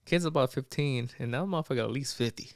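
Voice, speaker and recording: Young man, podcast co-host, mid-pitched voice, dry close mic, casual storytelling. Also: fast, dry recording. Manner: retells a movie plot with many "he's like" quotes.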